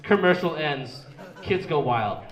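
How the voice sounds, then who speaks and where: A man's voice: on the high side, animated, slow pace, dull audio. A young man doing a stand-up comedy set in a small club, rambling and restarting his words as he goes. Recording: echoey club room.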